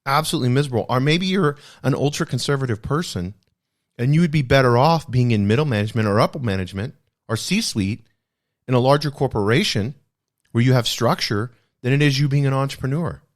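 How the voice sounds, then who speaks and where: A man's voice: medium pitch, a little fast. A man hosting a podcast, discussing a self-help book in an earnest, reflective way and repeating key phrases for emphasis. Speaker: podcast host.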